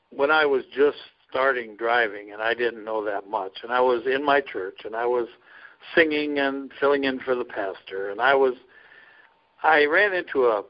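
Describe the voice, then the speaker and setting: A man who serves as a trucker chaplain and ministry leader, telling stories in a casual interview in an earnest, folksy way and laughing often. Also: mid-range voice. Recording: dull lo-fi recording.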